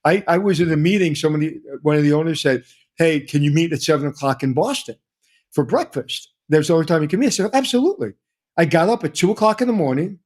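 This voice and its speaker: A middle-aged man, a hotel consultant telling stories energetically in an interview, repeating himself as he talks. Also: on the high side. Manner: energetic storyteller, repeats himself, quotes others. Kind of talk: conversational interview.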